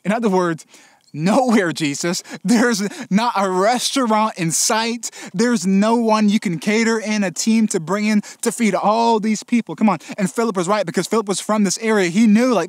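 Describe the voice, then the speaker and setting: A man preaching a casual sermon as pastor, telling a story with animated, playful voices for its characters. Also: high voice, moderate pace, dry recording, clean studio sound. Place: church gathering space.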